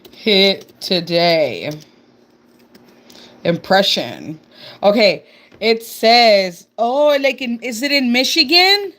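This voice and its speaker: A woman's voice: a little high, big pitch swings, very slow, pauses often, a bit bright. A young woman with a Texan accent chatting casually on a live stream, reading viewer comments aloud and calling everyone "girl". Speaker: livestreamer.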